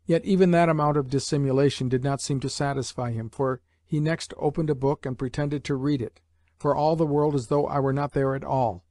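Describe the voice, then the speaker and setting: A man narrating a classic novel as an audiobook reader, in a measured storytelling manner. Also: medium pitch, steady tone, mellow, no room sound, studio quality. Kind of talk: scripted narration.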